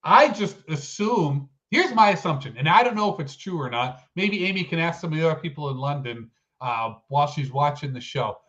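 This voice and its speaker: A man from the United States co-hosting a casual chat show, thinking out loud with many fillers. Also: fairly high pitch, animated, fairly quick, hardly any pauses, dull audio. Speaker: co-host.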